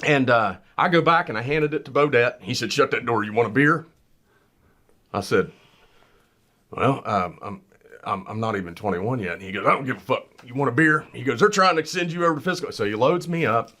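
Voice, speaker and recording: Podcast co-host, man, bright tense tone, folksy earnest storyteller. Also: medium pitch, lively intonation, brisk. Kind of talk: casual storytelling chat.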